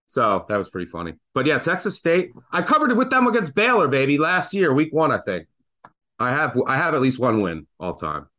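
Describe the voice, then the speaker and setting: A man hosting a casual sports betting podcast, telling stories in an animated, excitable way. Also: mid-range voice, fairly quick. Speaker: podcast host.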